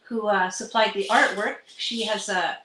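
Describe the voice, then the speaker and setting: A woman's voice: mid-range voice, steady tone, a little slow, a bit bright, echoey room, a little hiss or hum, rough recording. A middle-aged woman from Canada, a musician guest chatting casually and rambling with many fillers. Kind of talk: casual livestream chat.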